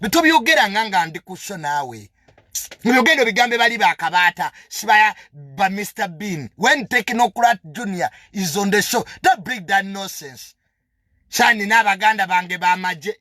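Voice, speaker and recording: Man, Ugandan accent, young adult, defiant rant, bright tense voice, dry close recording. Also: sits high, expressive, moderate pace, no room sound. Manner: defiant, indignant ranting; mixes two languages. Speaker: media personality. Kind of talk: heated monologue.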